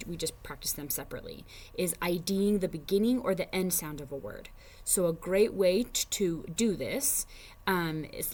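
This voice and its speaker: A young adult woman teacher giving a casual parent education talk, with many fillers, slowing down to stress sounds when she models words. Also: lowish voice.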